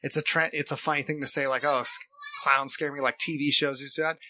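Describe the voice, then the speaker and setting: A man's voice: medium pitch, level tone, no room sound. A man co-hosting a casual podcast, talking earnestly about his own experience and acting out the people he quotes. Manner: earnest, acts out quoted people, fast shifts in loudness. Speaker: podcast co-host.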